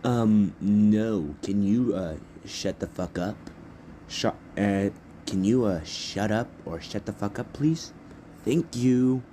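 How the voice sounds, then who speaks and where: A man voicing a blunt, dismissive teenage boy hero, close to his own low voice. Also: takes it slowly, mellow, a little hiss or hum. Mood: annoyed.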